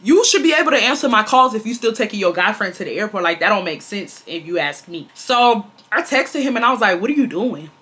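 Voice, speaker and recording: A young woman in her twenties from Houston tells a dating storytime straight to her viewers. She is dramatic and animated, swears freely, and keeps calling them y'all. Her voice is bright and clear. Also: medium pitch, fairly quick, few pauses. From Houston, Texas. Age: 20s. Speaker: storytime vlogger. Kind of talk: casual storytelling to camera.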